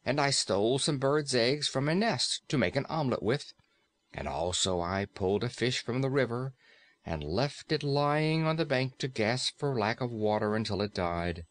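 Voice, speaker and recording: A man's voice: medium pitch, expressive, moderate pace, natural voice. A man voicing a gloomy, surly large ferryman in an audiobook, speaking in a sullen, mournful way.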